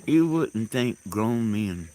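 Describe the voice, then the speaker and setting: Rambling man, low voice. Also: lively intonation, noisy background. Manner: rambling, halting, laughs loudly at own stories. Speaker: host. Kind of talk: casual storytelling monologue. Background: crickets and insects.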